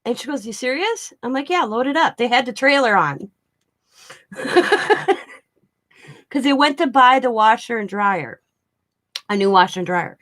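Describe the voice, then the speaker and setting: A middle-aged woman talks straight to her viewers in a loose, rambling way. Her voice sits a little high, and she laughs often and restarts her sentences as the stories spill out. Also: animated, a little slow, pauses often, a bit bright. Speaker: craft vlogger. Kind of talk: casual storytelling chat.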